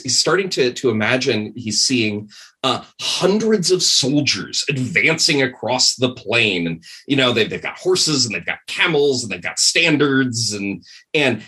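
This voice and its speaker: A man tells a story as a podcast guest, rambling casually and leaning on fillers. His pitch moves around a great deal, and his voice sounds bright. It also has a noticeably husky edge. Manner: rambling, animated, many fillers. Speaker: podcast guest, game designer.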